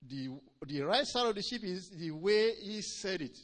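A man preaching a sermon, swinging between loud emphatic lines and low quiet ones, drawing out key words and calling "Amen?" to the congregation. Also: animated. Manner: drawn-out stresses on key phrases.

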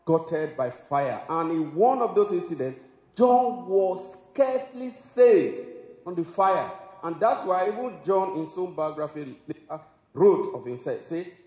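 A man's voice: a little high, animated, measured pace, dark tone. Man preaching in an echoey hall. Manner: emphatic preaching with exclamations and laughs. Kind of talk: sermon. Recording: echoey hall with long reverb.

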